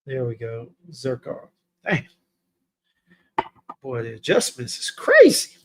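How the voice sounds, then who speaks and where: A man's voice: medium pitch, wildly swooping pitch, takes it slowly. A laid-back man hosting a casual livestream fragrance review, chatting with his viewers in slang. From Texas.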